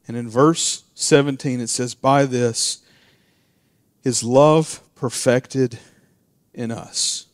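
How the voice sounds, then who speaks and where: Guy preaching casual style, dry close sound, gets quiet then loud and fired up. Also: mid-range voice, no echo. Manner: conversational, swings from loud emphatic peaks to quiet asides. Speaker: pastor. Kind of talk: casual sermon.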